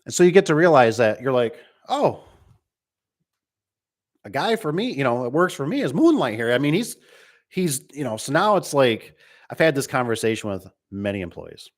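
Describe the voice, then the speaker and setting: A middle-aged man talks off the cuff to his viewers about his business. He rambles, backtracks and piles up fillers as he goes. His voice sits at an ordinary pitch for a man. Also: very animated, normal speed. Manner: rambling, conversational, with many fillers and restarts. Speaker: garage door business owner. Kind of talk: casual livestream talk.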